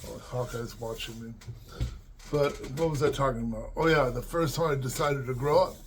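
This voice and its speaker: A man's voice: medium pitch, steady tone, normal speed, a little hiss or hum. An older man from the Los Angeles area reminiscing at home in a rambling, casual way, with many fillers and restarts. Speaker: vlogger. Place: at home with his dogs.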